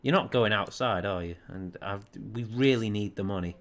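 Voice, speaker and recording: A man's voice: lowish voice, moderate pace, a bit bright. A man commenting on a video game he is playing, sarcastic and prone to laughing and swearing. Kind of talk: let's play commentary.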